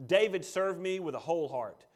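A man with a high voice voicing an angry, wronged God in a sermon retelling. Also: expressive, moderate pace. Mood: indignant. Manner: indignant, accusing.

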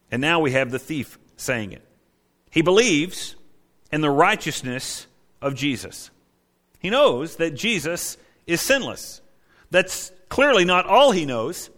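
A man preaching a sermon as pastor, with a slightly higher voice than most men. He talks conversationally and checks in with his listeners. He swings between loud emphatic declarations and hushed asides.

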